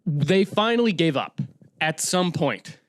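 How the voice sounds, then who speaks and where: Excitable rambling young man, dry close mic. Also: on the high side, unhurried, no echo. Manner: rambling, excitable, swings into sudden yelling. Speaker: podcast host. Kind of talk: casual solo podcast monologue.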